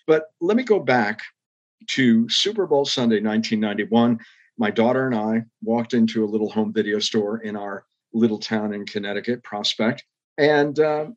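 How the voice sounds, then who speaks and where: Older guy telling stories in an interview, kinda husky, earnest, slightly muffled audio. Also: medium pitch. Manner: earnest, reflective storytelling with emphatic rises. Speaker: interview guest, former public TV executive. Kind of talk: storytelling interview.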